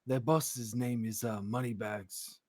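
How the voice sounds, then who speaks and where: A man's voice: medium pitch, steady tone, slow pace, no room sound, clean studio sound. A man playing a tabletop game, chatting casually and joking. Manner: joking, laughing often. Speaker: player.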